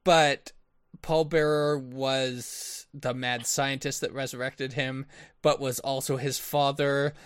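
A man's voice: mid-range voice, level tone, clear, resonant tone, no room sound, clean studio sound. A man co-hosting a podcast, thinking aloud in casual chat, asking questions and summing things up. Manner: slow, thinking aloud, asks questions and sums up. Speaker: podcast co-host.

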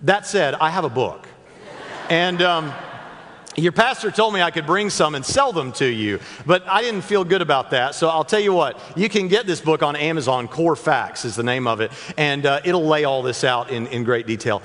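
A man's voice: fairly high pitch, animated, moderate pace, a bit bright. A man giving a talk to a live church audience from the stage, joking with the crowd and speaking directly to them. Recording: long reverb of a large hall.

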